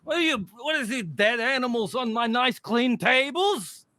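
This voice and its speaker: A man voicing a gruff middle-aged tavern barkeep who drags out his words. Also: very high-pitched, expressive, moderate pace, pushed and bright, no room sound, voice pushed up, full character voice. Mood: indignant.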